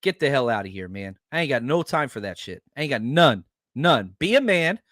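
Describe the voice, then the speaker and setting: A man's voice: mid-range voice, very animated, fairly quick, a bit bright, no echo, clean studio sound. A man hosting a sports podcast, talking casually and ranting heatedly with plenty of profanity. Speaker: podcast host.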